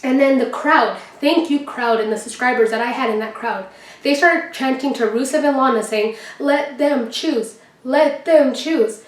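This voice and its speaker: A young woman tells a story excitedly, slipping into the voices of the people in it. Her voice sits a little high. The recording is roomy, and she is set back from the mic. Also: moderate pace, far from the mic. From Texas. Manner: excited, chatty, acts out quotes. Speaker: vlogger. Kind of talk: casual storytelling.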